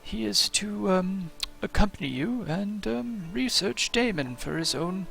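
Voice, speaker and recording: A man voicing a mild-mannered guild mage during a tabletop game, speaking hesitantly with many pauses. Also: animated, gravelly, fairly bright tone, soft background music, heavily acted. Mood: plain. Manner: hesitant, many ums, low-key. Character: guild mage, calm and informative. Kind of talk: tabletop role-play.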